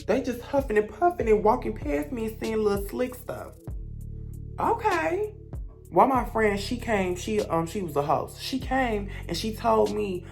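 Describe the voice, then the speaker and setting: Sassy young woman with lively pitch. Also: a little slow, gravelly, faint music behind. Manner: sassy, blunt, gossipy. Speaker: vlogger. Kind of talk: storytime rant.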